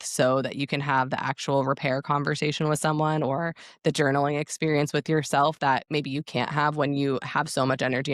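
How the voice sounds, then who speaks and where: A woman's voice: sits low, no room sound, clean studio sound. A woman co-hosting a podcast, speaking in a thoughtful, reflective way with frequent fillers. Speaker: podcast co-host. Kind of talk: casual podcast conversation.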